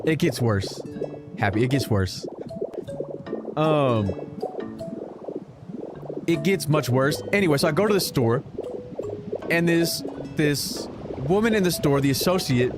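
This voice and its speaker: A man with a slightly high voice tells stories while he plays a game on stream. He talks casually, swears freely and gets animated, with clear game music playing behind him. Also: measured pace, pauses often. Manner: animated, profane storytelling. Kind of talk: casual storytelling while gaming.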